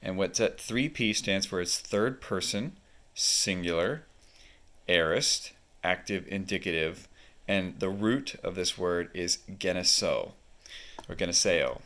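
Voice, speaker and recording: A man with a very deep voice talks through a book page by page. He explains at an easy pace and fills his pauses with ums and uhs, like a casual hobby reviewer. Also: fairly bright tone. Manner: unhurried, explanatory, many fillers.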